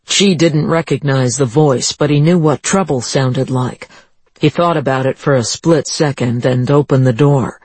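An audiobook narrator reads the story evenly and steadily, at a middle pitch. The recording is dry and close, with no room sound. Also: a little slow, a little mellow, breathy edge, no echo. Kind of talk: scripted narration.

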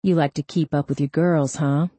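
A woman voicing a calm, hard-nosed male police officer in an audiobook, speaking coolly with quiet menace. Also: deep voice, husky, no room sound. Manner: cool, slow, quietly threatening. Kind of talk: audiobook character voice.

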